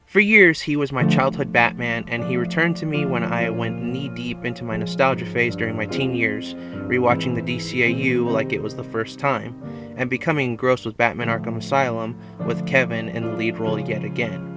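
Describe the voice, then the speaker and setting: A man's voice: mid-range voice, fairly even intonation, brisk. A man reading a scripted tribute narration in an earnest, reflective way. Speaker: video essay narrator. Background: music.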